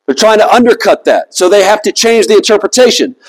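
High-voiced man preaching conversationally. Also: quick pace, low-quality recording. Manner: conversational, emphatic, asks the congregation rhetorical questions. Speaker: pastor. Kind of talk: sermon.

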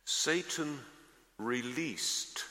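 A pastor preaching a sermon, slow and emphatic, repeating key phrases for weight. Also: male voice, medium pitch, pushed and bright. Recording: long reverb of a large hall.

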